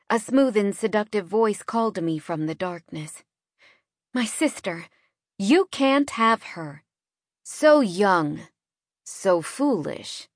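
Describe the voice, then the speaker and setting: Woman, audiobook narrator, dramatic first-person reading, hushed drops, dry studio sound. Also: mid-range voice, no room sound. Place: recording studio. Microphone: close studio mic.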